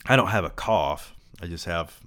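Very deep, smooth-voiced man reading aloud. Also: moderate pace. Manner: relaxed, swearing asides. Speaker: reader and book commentator. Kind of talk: reading a novel aloud with casual commentary.

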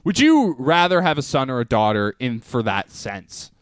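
A young man chatting on a comedy podcast, his pitch swinging up and down as he jokes and laughs. He often acts out the other side of an argument. The sound is dry and close. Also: very animated, moderate pace, dry recording. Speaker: podcast co-host. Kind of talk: casual comedic chat.

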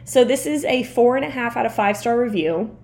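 A woman's voice: on the high side, lively intonation, brisk, a little mellow. Woman, young adult, podcast co-host, casual chat, rambling, laughing. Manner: chatty, laughing, rambling with many likes.

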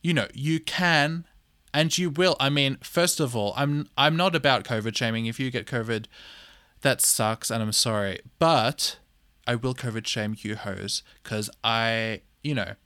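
A man's voice: mid-range voice, unhurried, bright, forceful tone, clear, resonant tone, no room sound, studio quality. Blunt, swearing young man. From Australia. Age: 20s. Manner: blunt, exasperated, swears freely; repeats phrases for emphasis, many fillers. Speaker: podcast host. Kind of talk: opinionated solo podcast monologue.

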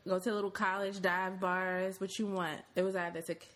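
A woman's voice: mid-range voice, little pitch movement, a little fast, fairly bright tone, poor audio. A woman co-hosting a casual podcast, talking conversationally and thinking aloud with frequent ums. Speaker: podcast co-host.

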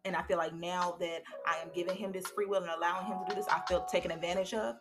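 A woman's voice: fairly low pitch, steady tone, fast talker, music in the background. A woman in her thirties hosting a podcast, giving a candid, colloquial motivational talk. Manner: candid, colloquial, preachy storytelling. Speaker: podcast host.

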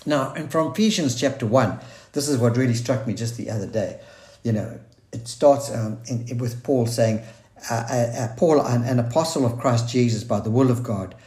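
A man's voice: medium pitch, dark tone. A man preaching a sermon in an earnest, searching way, quoting scripture and restarting his thoughts. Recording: roomy echo.

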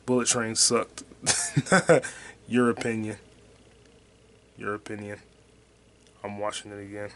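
A man in the middle of his own casual podcast, talking in a mid-range voice. He is slangy and profane, jumping into excited bursts and then dropping into low mutters while he scrolls through comments. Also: slow pace, pauses often, slight background noise. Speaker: podcast host. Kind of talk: casual solo podcast chat.

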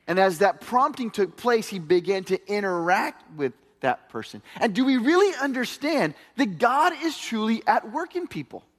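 A middle-aged man preaching a sermon as pastor, telling stories in an animated way that swings from hushed to loud. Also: high-pitched, moderate pace, few pauses. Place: church hall. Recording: long hall reverb.

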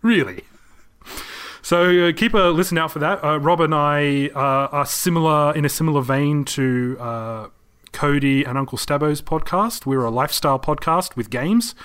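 A man's voice: on the high side, normal speed, fairly bright tone, smooth. Chatty man, rambling podcast host. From Australia. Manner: rambling, self-mocking, laughs easily. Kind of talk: casual chat.

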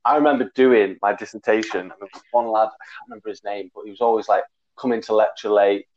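Brief: man, 20s, low-ish voice, rambling casual storyteller, muffled recording. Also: fairly even intonation, fast talker, a little mellow, slight background noise. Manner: rambling storyteller, self-correcting. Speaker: podcast co-host. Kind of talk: casual chat.

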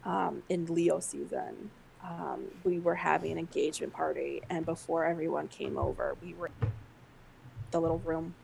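A woman's voice: deep voice, fairly even intonation, normal speed, gravelly, darkish tone, a little hiss or hum, rough recording. A woman co-hosting a podcast, telling a story in casual chat with many fillers. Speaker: podcast co-host.

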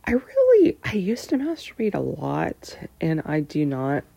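A woman in her thirties with a slow, unhurried delivery and a gravelly, fried edge to her voice. She answers personal questions candidly, pausing often and slipping into breathy near-whispers. The sound is dry and close, with no room echo. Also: deep voice, huge pitch swings, dark tone. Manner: hesitant, lots of pauses and fillers, drifting into breathy near-whispers.

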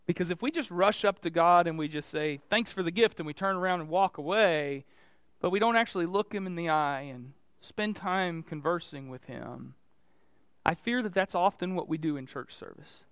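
Male pastor, conversational sermon, smooth voice on the higher side, dry close sound. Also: normal speed, fairly bright tone, no echo. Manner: conversational, asks the congregation direct questions.

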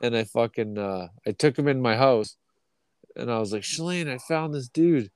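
A man's voice: mid-range voice, normal speed, clean tone, no echo. A man from Canada telling long, rambling, profane stories in a casual podcast chat. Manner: profane, rambling anecdotes with acted quotes. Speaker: podcast co-host.

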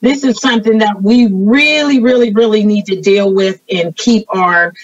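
A woman's voice: mid-range voice, no echo, far from the mic. A woman hosting an interview, asking questions and reflecting in an earnest, thoughtful way. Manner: earnest and thoughtful, drawn-out remarks. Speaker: interviewer host. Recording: dry, muffled audio from off-mic.

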